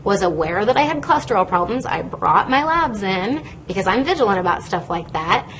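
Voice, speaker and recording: A woman pharmacist giving a lively, conversational health talk to an audience from a podium, a fast talker by habit. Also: medium pitch, a little hiss or hum. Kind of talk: lecture to a live audience from a stage. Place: stage in a lecture hall. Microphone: podium microphone.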